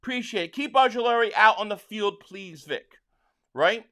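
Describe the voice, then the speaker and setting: This Philadelphia man is a livestream host and fan running a live football watch-along, excitedly calling plays and reading viewer chats. He stammers when restarting, and his voice sits high at a moderate pace.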